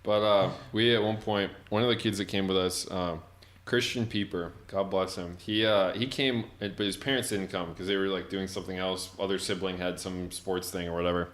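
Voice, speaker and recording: A man's voice: deep voice, steady tone, normal speed, a bit bright. A young man in his twenties telling a long, rambling story in casual chat, full of "like". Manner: rambling storyteller, heavy filler "like". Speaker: podcast co-host.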